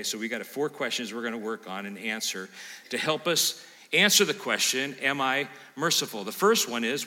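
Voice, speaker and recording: A man preaching a sermon as pastor, talking straight to the congregation, quizzing them and acting out what they might say. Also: medium pitch. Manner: animated, plays out imagined listener lines, quizzes the congregation. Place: church sanctuary. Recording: long hall reverb.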